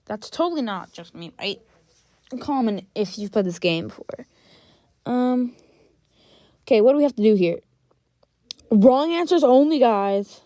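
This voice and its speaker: A woman's voice: mid-range voice, expressive, moderate pace, long pauses, mellow, dry recording. A young woman giving casual gameplay commentary, chatty and exasperated, talking straight to her viewers. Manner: chatty, exasperated, talks to chat. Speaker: gaming vlogger.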